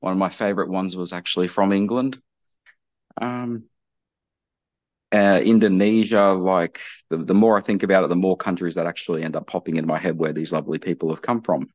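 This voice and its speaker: A man's voice: low voice, steady tone, a little fast, darkish tone, no room sound, highs cut off. An Australian man, a podcast guest, talking in a laid-back, friendly way. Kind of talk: casual podcast chat.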